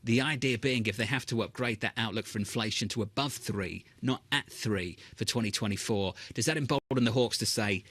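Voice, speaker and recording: Male anchor, lowish pitch, brisk and probing, dry studio sound. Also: fairly bright tone, slightly rough, no echo. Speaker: news anchor. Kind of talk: financial news broadcast. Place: broadcast studio.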